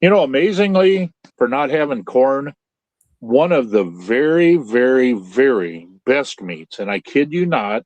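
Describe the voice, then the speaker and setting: A man's voice: medium pitch, big pitch swings, a little slow, a little mellow, no room sound. Older folksy rambling man, dry sound. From central Illinois. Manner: folksy, rambling storyteller with many restarts. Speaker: podcast host. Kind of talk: casual chat. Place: home trailer. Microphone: Starlink video call.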